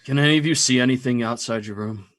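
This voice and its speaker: A man's voice: medium pitch, quick pace, fairly bright tone. A man playing a tabletop game over a video call, asking the game master short, practical questions. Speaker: player. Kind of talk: casual tabletop play.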